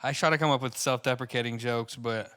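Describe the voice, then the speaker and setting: In a smooth, fairly bright, mid-range voice with a steady tone, a young podcast co-host who does stand-up talks casually. He curses a lot, rambles about stand-up, and gets worked up quickly.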